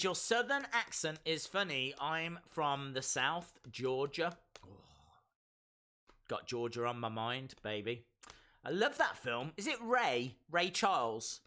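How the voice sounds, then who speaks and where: A man chats his way through a live reaction stream, playful and prone to repeating himself as he reads out the chat. He talks at an easy, unhurried pace, and his voice is bright and swings widely in pitch. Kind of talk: casual live reaction commentary.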